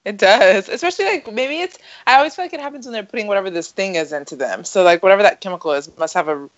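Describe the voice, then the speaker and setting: Podcast co-host, lively pitch, muffled lo-fi sound, dry, casual and agreeable. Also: fast, no echo. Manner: laughs often, agreeable reactions. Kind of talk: casual chat.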